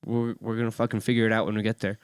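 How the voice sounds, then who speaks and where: A man guesting on a podcast as a music producer and DJ, chatting casually in an excitable, rambling way, full of fillers and swearing. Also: lowish voice, rapid-fire, smooth, dry recording, clean studio sound.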